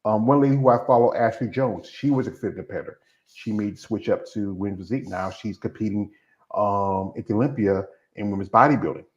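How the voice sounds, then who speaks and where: A man's voice: fairly low pitch, a little fast, a little mellow. A man hosting an interview, talking casually and rambling with half-finished sentences. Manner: rambling, easygoing, trails off mid-sentence. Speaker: interview host. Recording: dull lo-fi recording.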